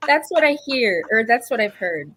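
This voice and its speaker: A woman's voice: fairly high pitch, very animated, normal speed, heavy background noise. A woman playing along as a contestant in a casual online panel game, talking hesitantly and laughing.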